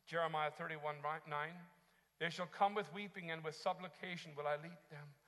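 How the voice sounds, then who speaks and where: Impassioned high-voiced male preacher. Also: fairly even intonation, moderate pace, in a large hall. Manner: impassioned preaching, swings from quiet to shouted cries. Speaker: pastor. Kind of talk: sermon.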